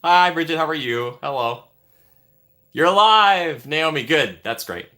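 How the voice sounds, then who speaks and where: A man's voice: normal speed, bright, forceful tone. A man hosting a casual live stream, upbeat and playful, greeting viewers by name as they arrive in the chat. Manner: upbeat and playful, greeting chatters by name with big swings in pitch. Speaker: livestream host.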